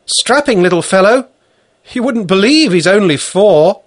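A man voicing a cheerful, loud farm housewife in a storybook reading. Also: sits high, lively intonation, pitched above the performer's own voice. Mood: hearty. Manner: brisk, boisterous calls.

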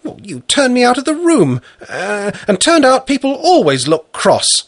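A prim, earnest little girl from a storybook, voiced by a man reading aloud. She speaks high and airy, as if confiding a secret, and sounds a little husky. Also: huge pitch swings, measured pace, heavily acted. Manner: mysterious whispering tone.

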